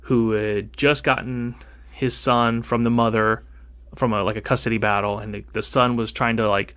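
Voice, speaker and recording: Bright, animated man in casual podcast chat, rambling storyteller. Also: medium pitch, normal speed, smooth. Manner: rambling, animated, acts out quoted dialogue. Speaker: podcast co-host.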